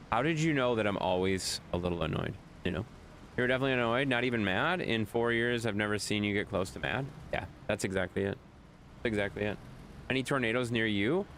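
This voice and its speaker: A man's voice: fairly low pitch, fairly bright tone, a little hiss or hum. A young man, a game streamer casually chatting with his viewers from home and answering the chat as he plays. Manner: reads chat aloud and answers it, joking and repeating himself. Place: home room with a green screen.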